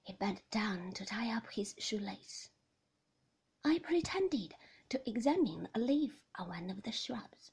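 A woman narrating a novel in a soft, hushed, whispered storybook reading. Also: medium pitch, animated, a little slow, creaky, husky. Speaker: audiobook narrator.

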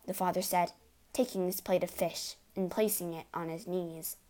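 A woman narrating a children's storybook aloud in a clear, expressive reading. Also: on the low side, moderate pace.

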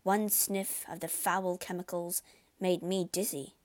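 A man's voice: high-pitched, flat delivery, a little slow. A woman voicing a shaken, frightened male doctor who speaks in a trembling voice, in a storybook reading. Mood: storytelling. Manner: trembling, fearful.

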